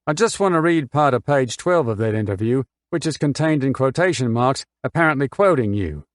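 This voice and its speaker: A man reading an audiobook voices a male barrister who questions a witness in a formal, measured way. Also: mid-range voice, lively intonation, no echo, clean studio sound, close to an everyday voice. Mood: probing. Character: male barrister, cool and probing.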